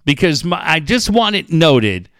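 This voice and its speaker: A man's voice: fairly high pitch, very animated, measured pace, fairly bright tone, no echo, studio quality. A man co-hosting a casual podcast, guessing aloud and swearing often in loose banter. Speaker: co-host.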